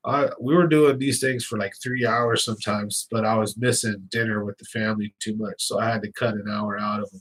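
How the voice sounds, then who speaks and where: A man's voice: fairly low pitch, fairly even intonation, brisk, hardly any pauses, a bit bright, husky. A young man hosting a fishing channel live stream, chatting casually and rambling with viewers, a little stuffed up from sinus trouble, laughing often. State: slightly congested with sinus trouble.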